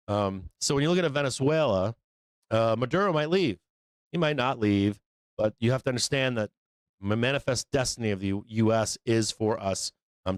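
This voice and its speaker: A man's voice: medium pitch, no echo. A man hosting a live stock market show, talking in a blunt, profane, rambling way. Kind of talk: casual market commentary.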